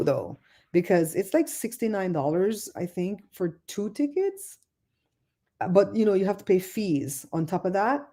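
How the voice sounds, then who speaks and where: Chatty middle-aged woman livestream host. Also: fairly low pitch. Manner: chatty, animated storyteller reading chat. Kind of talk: casual livestream chat.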